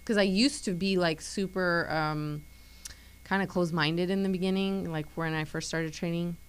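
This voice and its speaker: A woman's voice: on the low side, steady tone, moderate pace, clean tone, rough recording. A woman who teaches martial arts, chatting casually as a guest and filling her talk with "like". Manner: chatty, lots of "like" fillers. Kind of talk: casual chat.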